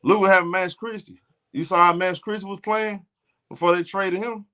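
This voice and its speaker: High, bright Alabama trash-talker. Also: male voice, steady tone, a little fast. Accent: Southern US, Alabama. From Alabama, US South. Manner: blunt, profane trash talk. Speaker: sports streamer. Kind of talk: casual live game commentary.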